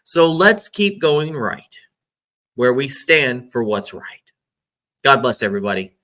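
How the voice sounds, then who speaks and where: A man's voice: mid-range voice, big pitch swings, unhurried, pushed and bright. A man hosting his own political news recap, asking viewers to share and support. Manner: pleading, emphatic. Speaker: political news show host.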